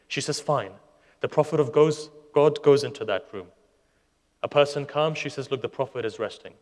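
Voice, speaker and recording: A man preaching a sermon, retelling stories with passion, his voice surging loud and then dropping soft. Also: medium pitch, normal speed. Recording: long hall reverb.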